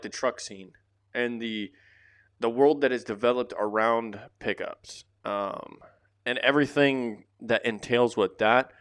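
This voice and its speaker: Guy rambling on his own podcast, right up on the mic, smooth, dry sound. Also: medium pitch, a bit bright, no room sound. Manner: loose, rambling, drops casual fillers. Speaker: podcast host. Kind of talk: casual solo podcast talk. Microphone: close to the microphone.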